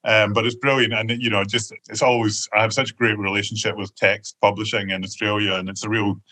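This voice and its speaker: A man's voice: on the low side, level tone, fairly quick, bright, forceful tone. A Scottish man, an author, talking about his book over a video call in a chatty, hesitant way with frequent restarts. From Scotland. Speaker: author guest. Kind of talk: conversational book talk.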